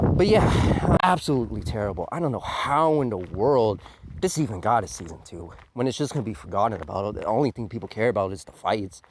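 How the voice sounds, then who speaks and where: A man with a voice on the low side gives a crude, mocking countdown rant as an anime reviewer. He swears often and sneers at fans in his ranting countdown commentary. There's slight background noise.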